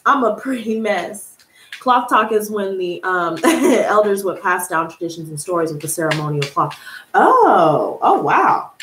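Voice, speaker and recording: A woman hosting a live tarot stream, reading out viewer comments and answering them in a gushing, excitable way that breaks into laughter. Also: medium pitch, measured pace. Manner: excitable, gushing, calls viewers girl and honey, bursts of laughter. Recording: echoey room with faint noise.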